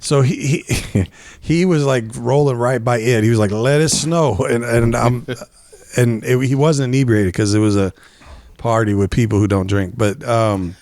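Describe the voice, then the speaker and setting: Man, comedy podcast host, rambling, laughs a lot, casual storytelling, mid-pitched voice. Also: steady tone, normal speed, a little mellow, dry recording.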